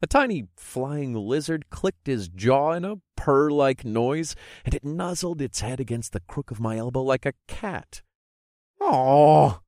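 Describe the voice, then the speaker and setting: A man's voice: mid-range voice, moderate pace, few pauses, dry recording, studio quality. A man reading a first-person fantasy story aloud as an audiobook narrator, telling it expressively. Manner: expressive storytelling, voicing characters' lines.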